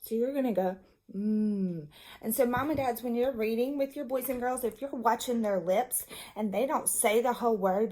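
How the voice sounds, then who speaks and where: A woman's voice: a little high, warm tone. A woman teacher patiently explaining reading strategies to young children and their parents. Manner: slow, patient, demonstrative explanation.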